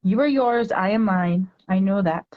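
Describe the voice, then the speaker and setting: An earnest woman speaks in a mid-pitched voice, moving between casual conversation and slow, deliberate readings of her own poems. The audio is dull and lo-fi. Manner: earnest, reads poetry slowly and deliberately. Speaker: podcast guest, poet.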